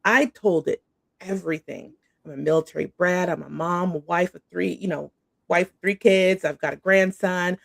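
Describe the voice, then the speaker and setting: A middle-aged woman chats as a guest coach, bubbly and easygoing, sprinkling her talk with "like" and "awesome." Her voice has a gravelly fry to it. The sound is dry and close, with no room around it. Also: fairly low pitch, normal speed, no echo. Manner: bubbly, says "like" and "awesome" a lot. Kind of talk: casual interview chat.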